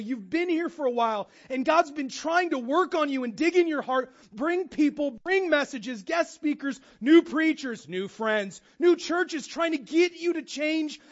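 A man preaching a casual, animated sermon, acting out quotes in different voices. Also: very high-pitched, lo-fi sound. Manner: animated, acts out quotes with shifting voice. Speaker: pastor.

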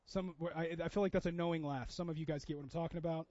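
High-voiced man preaching a sermon. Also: fairly even intonation, quick pace, darkish tone, no echo, dull audio. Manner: conversational preaching, acts out quoted voices. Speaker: pastor.

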